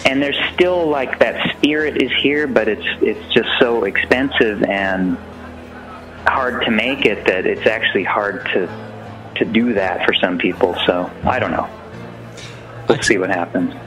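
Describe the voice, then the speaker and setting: A man hosting a podcast in a casual, reflective chat, halting and full of fillers. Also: lowish voice, a bit bright, faint music behind, low-quality recording. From San Francisco. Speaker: podcast host.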